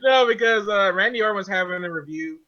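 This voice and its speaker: A man's voice: sits high, fast talker, bright, forceful tone. A man co-hosting a casual chat, recapping events with enthusiasm. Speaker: podcast co-host. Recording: dull lo-fi sound.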